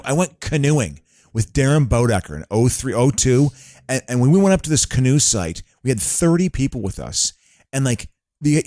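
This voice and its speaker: A man's voice: mid-range voice, darkish tone, dry recording, studio quality. A man co-hosting a podcast in casual chat, rambling with stops and restarts, swearing and laughing easily. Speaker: podcast co-host.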